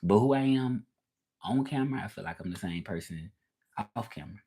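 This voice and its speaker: A man with a Southern US drawl talks easily on a livestream, answering viewers at home. He is relaxed and chatty, and he says things twice and uses Southern slang. He is speaking as a language teacher who hosts his own channel. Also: lowish voice, fairly quick, breathy edge. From Memphis, Tennessee, United States. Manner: laid-back, chatty, repeats himself, Southern slang.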